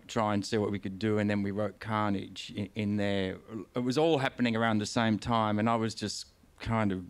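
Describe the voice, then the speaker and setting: Rambling Australian man with a lowish voice. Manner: rambling, candid storytelling with many restarts and casual swearing. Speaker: guest author. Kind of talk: live on-stage conversation. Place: stage of a concert venue.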